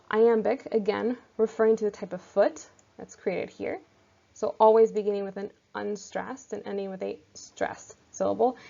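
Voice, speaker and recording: Gravelly-voiced woman teaching a lesson. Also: mid-range voice, darkish tone. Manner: clear, methodical explaining. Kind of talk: recorded lecture. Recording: slightly dull lo-fi audio.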